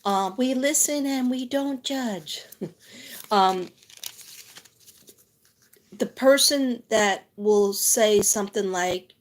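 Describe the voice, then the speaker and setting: A woman's voice: medium pitch, drawn-out words, pauses often. A woman doing a psychic tarot reading live, talking in a rambling, chatty way with lots of fillers.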